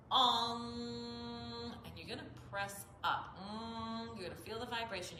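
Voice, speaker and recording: A woman yoga teacher explaining mantras in a steady, guiding way and demonstrating the chants. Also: on the low side. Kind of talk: calm instructional talk with chanted mantras. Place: yoga studio. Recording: echoey room with clear background noise.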